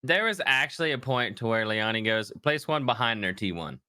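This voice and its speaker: A man co-hosting a podcast, chatting casually about video games, animated and quick to laugh. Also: medium pitch, clean tone, no room sound, studio quality. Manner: animated, laughs often, trails off. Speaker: podcast co-host. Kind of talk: casual gaming chat.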